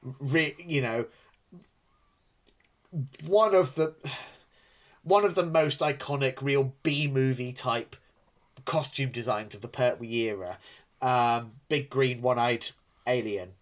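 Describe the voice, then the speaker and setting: Male co-host, casual podcast chat, halting with many ums, middle pitch.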